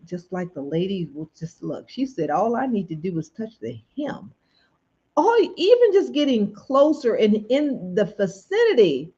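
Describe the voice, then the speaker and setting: A woman's voice: mid-range voice, warm tone, breathy edge. A woman hosting a late-night livestream, talking to viewers in a preachy, questioning way. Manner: preachy, asks the audience questions, greets viewers. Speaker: livestream host. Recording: dull lo-fi stream audio.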